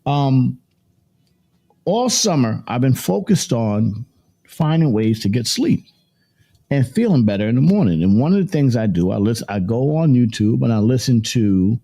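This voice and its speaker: A man's voice: medium pitch, lively intonation, moderate pace, warm tone. A man hosting a morning livestream show, talking in a rambling, casual way and repeating himself as he works through his points.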